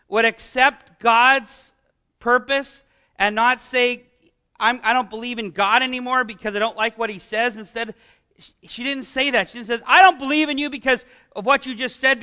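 A man's voice: very high-pitched, bright, forceful tone. A man preaching a conversational sermon, asking the congregation rhetorical questions and chuckling as he explains scripture. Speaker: pastor.

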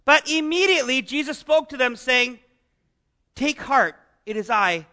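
A middle-aged male pastor preaching a sermon to his congregation in an animated, conversational way, full of rhetorical questions. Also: extremely high pitch, measured pace.

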